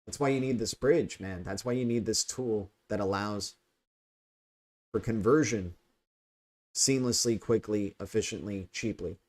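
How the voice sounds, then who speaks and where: A man's voice: fairly low pitch, a little slow, a little mellow. An American man hosting a casual livestream, rambling and checking in with "right?" as he explains. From United States. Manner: rambling, repeats "right?", many fillers. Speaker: crypto livestream host.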